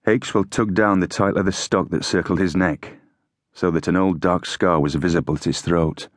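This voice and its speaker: A man narrating an audiobook in a steady, measured reading. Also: low voice, dry recording, studio quality. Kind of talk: scripted narration.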